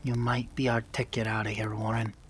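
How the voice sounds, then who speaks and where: Brief: hushed, guarded noble lady in her late forties, as a man puts her on at the game table, faint music under. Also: medium pitch, flat delivery, a little fast, close to an everyday voice.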